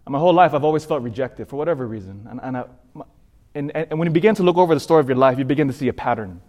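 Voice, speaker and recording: A man giving an emotional sermon testimony, pleading, with halting repetitions as he tells his story. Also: mid-range voice, expressive, a little mellow.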